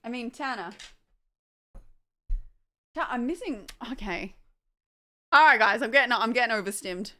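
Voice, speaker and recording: Give me a young woman chatting to her stream, bright and scattered. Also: on the high side, lively intonation, measured pace, long pauses. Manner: chatty, distracted, swearing, laughing at her dogs. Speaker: livestreamer. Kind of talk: casual livestream chat. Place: at home with dogs.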